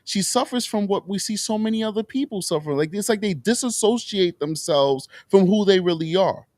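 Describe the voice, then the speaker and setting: A man's voice: high voice, animated, normal speed, darkish tone, no echo, studio quality. A man hosting a political talk show, speaking with raw emotion and frequent swearing. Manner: impassioned, emotional, profane. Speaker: show host.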